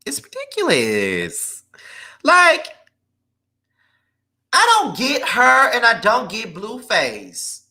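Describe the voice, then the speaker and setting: A man hosts a livestream and talks straight to his chat. His voice is bright and crisp, with a lively rise and fall, and he complains at length in a sassy, cussing style. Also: extremely high pitch. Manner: sassy, profane, drawn-out complaining. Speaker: host. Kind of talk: livestream commentary on celebrity gossip.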